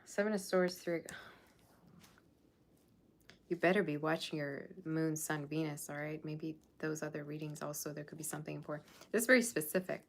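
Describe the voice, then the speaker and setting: A woman's voice: low-pitched, fairly even intonation, normal speed, creaky. A woman tarot reader talking casually to her viewers, blunt and sassy, scolding them about their standards. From Persian Russian background. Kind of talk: casual tarot reading monologue.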